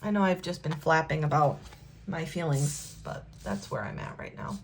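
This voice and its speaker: A woman vlogger talking in a halting, emotional way while working on her planner at a home desk. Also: low-pitched, lively intonation, slight background noise. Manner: halting, emotional, many restarts. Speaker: planner vlogger and immigration attorney. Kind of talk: casual talk while decorating a planner.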